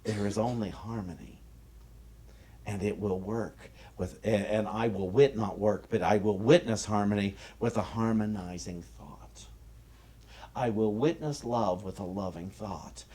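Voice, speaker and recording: Low-voiced American minister preaching. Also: male voice, unhurried, mellow. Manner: emphatic, rising and falling delivery with restarts. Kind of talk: sermon. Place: church sanctuary.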